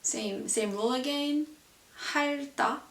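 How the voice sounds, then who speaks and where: A woman with a somewhat high voice leads an online pronunciation lesson. She explains each point patiently and fills gaps with a relaxed "so yeah." The sound is roomy and reverberant, with her voice heard from a little way off the mic. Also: unhurried, far from the mic. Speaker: language teacher. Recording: roomy echo, voice set back from the mic.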